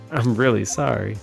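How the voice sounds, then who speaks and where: Male streamer, gravelly voice, mutters, average pitch, music under. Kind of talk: casual game commentary.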